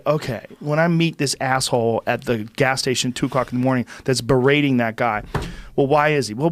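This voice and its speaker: A man's voice: medium pitch, fairly bright tone, no echo. A middle-aged man hosting a podcast, telling a story casually and profanely, acting out what people said. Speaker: podcast host.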